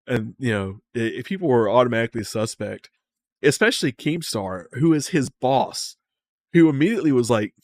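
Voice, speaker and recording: A man's voice: medium pitch, expressive, moderate pace, no room sound. A man casually talking to his chat during a stream, loose and profane, reading comments aloud.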